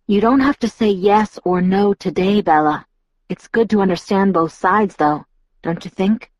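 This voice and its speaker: A woman voicing a formal, gentle young male vampire. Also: mid-range voice, a little slow, no room sound, natural voice. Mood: gently persuasive. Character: old-fashioned earnest young male vampire. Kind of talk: audiobook character voice. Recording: dull lo-fi audiobook recording.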